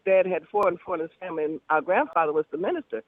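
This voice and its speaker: A woman's voice: fairly low pitch, racing. Older Southern woman on a phone line. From Alabama, US. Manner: chatty, laughing, animated storyteller. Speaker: interview guest, singer. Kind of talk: casual phone interview. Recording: tinny phone line, dry.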